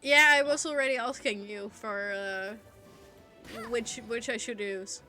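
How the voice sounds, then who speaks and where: A woman playing a game on stream, talking in a giggly, lively way. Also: a little high, a little slow, soft background music. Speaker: gamer on stream. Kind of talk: casual chat while gaming.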